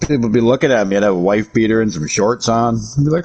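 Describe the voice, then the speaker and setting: An American man with a lowish, darkish voice talks quickly and casually to viewers while streaming a game. He jokes around and swears, trading profane banter with his chat.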